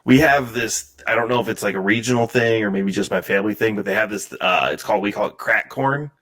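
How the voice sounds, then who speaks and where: A man's voice: fairly low pitch, fast talker, fairly bright tone, no room sound. A man co-hosting a podcast, laid-back and chatty, with enthusiastic interjections. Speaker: podcast co-host. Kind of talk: casual podcast chat.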